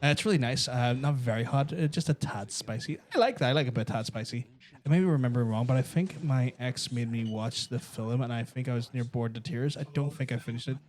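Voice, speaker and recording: A man's voice: mid-range voice, a little fast, darkish tone. Northern Irish man hosting a live stream. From Northern Ireland. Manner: banters and reads out viewers' guesses, swears freely. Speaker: host. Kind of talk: casual live-stream chat.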